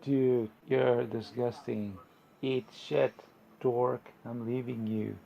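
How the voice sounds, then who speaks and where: A man voicing a brash, scornful gold-digging young wife, slinging loud slangy insults, on a slightly dull recording. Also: mid-range voice, level tone, slow pace, vocal fry, a little hiss or hum. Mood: contemptuous.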